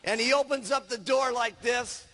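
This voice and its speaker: A male sales trainer telling a story in an animated way, acting out the scenes with gestures. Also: very high voice, normal speed, long reverb tail, slight background noise.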